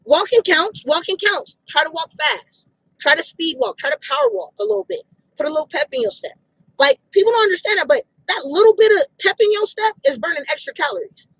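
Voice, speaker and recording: Her pitch is extremely high, and she talks briskly with an animated, slightly bright delivery. A woman acting as fitness motivator, she gives a casual outdoor pep talk full of blunt repetition, emphasis and slang. There's no room sound and the audio is poor.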